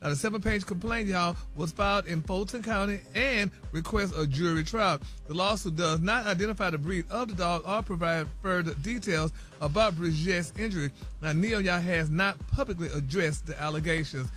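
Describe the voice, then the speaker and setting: High, bright gossipy man reading celebrity news. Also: moderate pace, hardly any pauses, faint music behind. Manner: animated and gossipy, says "y'all" and "honey" constantly. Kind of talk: radio morning show news segment.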